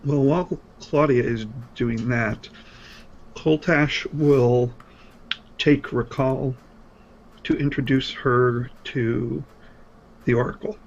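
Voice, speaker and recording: A man playing a tabletop role-playing game, speaking slowly and haltingly with many fillers, sometimes in character. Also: steady tone, vocal fry. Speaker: player. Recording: dull low-fi stream audio with faint noise.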